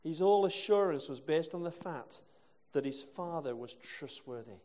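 A man's voice: a little high, lively intonation, moderate pace, darkish tone. A male preacher from England giving a conversational sermon with rhetorical questions and asides. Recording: long hall reverb.

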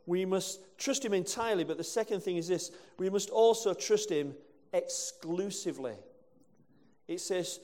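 A man's voice: high-pitched, normal speed, a little mellow. A male preacher from England giving a conversational sermon with rhetorical questions and asides. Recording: long hall reverb.

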